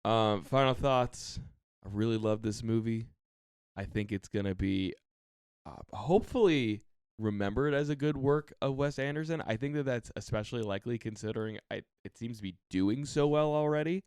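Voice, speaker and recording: A man's voice: medium pitch, moderate pace, darkish tone, clear, resonant tone, dry recording, clean studio sound. A young man co-hosting a podcast, rambling casually with lots of fillers. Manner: rambling, filler-heavy, easygoing. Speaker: podcast co-host. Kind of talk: casual chat.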